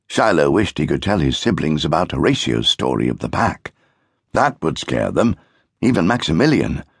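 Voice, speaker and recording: A man reading a children's story aloud in a very deep, gravelly, slightly husky voice. His telling is expressive and swings widely in pitch. The recording is close and dry. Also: dry recording. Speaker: audiobook narrator. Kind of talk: scripted narration of a children's book.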